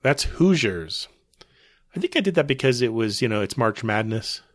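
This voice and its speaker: A man's voice: mid-range voice, sing-song, moderate pace, no room sound. A man co-hosting a podcast in playful, joking banter, his voice a little wheezy. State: slightly wheezy. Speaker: podcast co-host. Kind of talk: casual chat.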